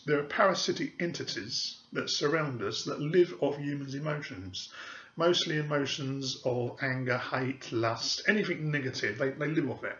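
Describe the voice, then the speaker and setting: A man hosts a podcast as a psychic medium, speaking emphatically and with open scorn for frauds. His voice is bright and forceful. The recording is roomy and a little muffled. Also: medium pitch, moderate pace. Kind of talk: podcast monologue. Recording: echoey room, dull audio.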